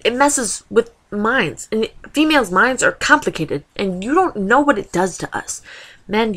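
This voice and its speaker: A woman's voice: a little high, fairly bright tone. A woman in her twenties ranting in a casual vlog, exasperated and full of rhetorical questions. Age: 20s. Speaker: vlogger.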